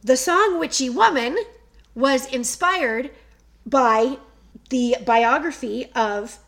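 Speaking slowly in a high, slightly bright voice, a middle-aged woman tells a story as a podcast co-host. The talk is a casual, chatty exchange, and she laughs often.

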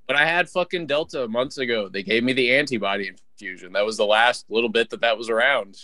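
A man's voice: mid-range voice, fast, dry recording, studio quality. A young man co-hosting a podcast, rambling and swearing a lot in casual banter. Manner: profane, rambling and excitable. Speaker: podcast co-host.

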